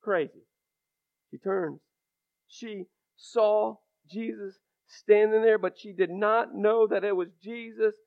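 A male preacher with a high, gravelly voice gives an impassioned sermon, slow and steady in tone, moving from near-whispers up to loud, ringing declarations. The recording is thin and narrow, like sound over a telephone line.

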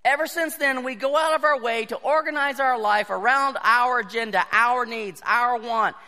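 A man preaching a sermon, telling animated stories and acting out the voices of the people in them. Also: very high voice, normal speed. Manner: animated storytelling, acts out quoted voices. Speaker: pastor. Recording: long hall reverb.

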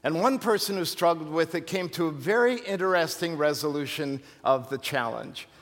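A male pastor preaching an animated, emphatic sermon with rhetorical questions and humorous asides. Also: on the high side, moderate pace. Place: church sanctuary. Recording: long hall reverb from a church.

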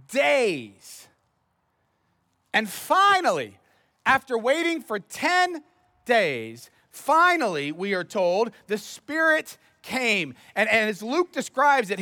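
A man's voice: extremely high pitch, sharp tone, dry recording. A man preaching a sermon as pastor, telling stories in a conversational, self-deprecating way.

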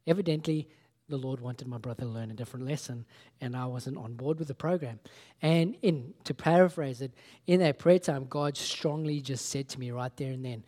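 A man's voice: medium pitch, normal speed, mellow. A man preaching a sermon, telling a story in a casual, conversational way and acting out the dialogue. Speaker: pastor.

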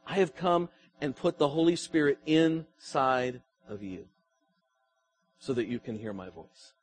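A man preaching a sermon as pastor, his emphasis swelling and falling as he asks the congregation questions. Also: medium pitch.

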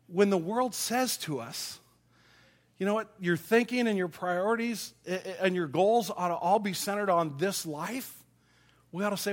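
Man, middle-aged, pastor, sermon, high-pitched, folksy storytelling, self-deprecating. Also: normal speed, long pauses.

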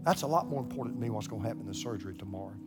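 A man in his sixties, a pastor, telling a story in a sermon, animated, stumbling over repeated words and acting out the voices he quotes. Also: fairly low pitch, rapid-fire, music in the background.

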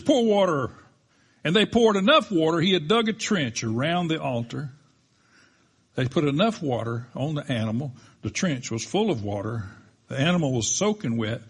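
A man preaching a sermon as a pastor, telling the story with animated delivery and acting out the quoted lines. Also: a little high, moderate pace, slightly rough.

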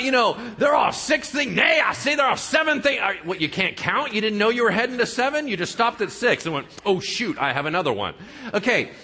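A high, bright-voiced male preacher with a husky edge, swinging his pitch wildly as he preaches. He is sarcastic and animated, acting out the people he quotes. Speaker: pastor. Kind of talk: sermon.

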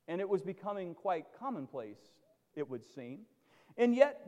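A man's voice: sing-song, measured pace, dark tone, in a large hall. A male pastor preaching a sermon with emphatic, dramatic delivery. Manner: emphatic preaching with dramatic swings in pitch and volume.

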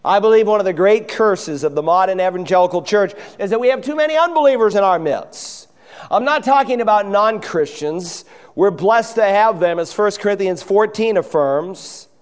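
A man's voice: high-pitched, lively intonation, normal speed, clear, resonant tone, in a large hall. A man preaching a sermon from a church pulpit, driving his points home and acting out the voices in the stories he tells. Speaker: pastor. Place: church sanctuary.

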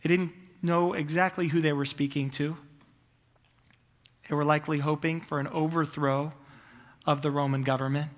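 A man's voice: on the high side, level tone, normal speed, long pauses, in a large hall. A man preaching a sermon, telling a story in long, building runs of clauses with fervent delivery. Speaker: pastor.

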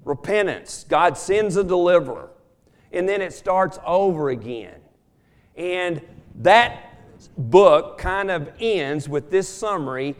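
A man preaches to his church in a slow, measured way, pausing over each point. His voice sits a little high. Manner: slow, deliberate teaching delivery. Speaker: speaker in a church service. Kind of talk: sermon.

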